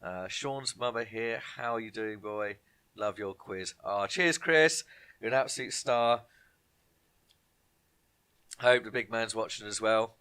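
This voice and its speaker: A man's voice: on the low side, unhurried, long pauses, sharp tone, clean tone. A man hosting an online pub quiz, reading each question twice and dropping jokey asides to viewers. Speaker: quiz host.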